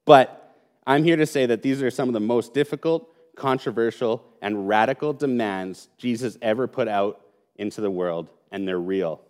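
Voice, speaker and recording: A man's voice: mid-range voice, normal speed, darkish tone, clean tone. A man preaching an earnest sermon, speaking with emphasis and repeating key points. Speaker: pastor.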